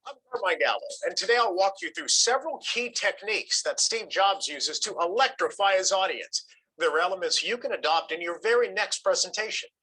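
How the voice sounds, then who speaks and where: Guy narrating a vid, bright raspy voice, music behind, played over a call. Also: high-pitched, lively intonation, fairly quick, poor audio. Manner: polished, explanatory. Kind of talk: scripted narration.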